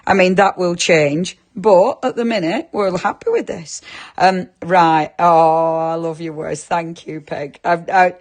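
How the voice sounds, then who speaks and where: A woman presenting a live craft shopping show, chatting and giggling as she reads viewer comments. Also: on the low side.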